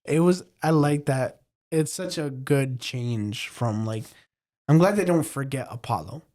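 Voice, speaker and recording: A young man co-hosting a podcast in casual chat, retelling scenes with animated energy. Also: medium pitch, a little slow. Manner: animated storyteller, acts out scenes. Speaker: podcast co-host.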